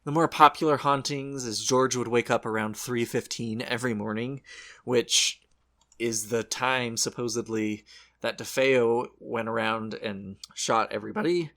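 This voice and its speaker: A man's voice: medium pitch, fairly even intonation, unhurried, fairly bright tone. A man co-hosting a horror podcast, chatting casually and rambling, correcting his own slips. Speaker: podcast co-host.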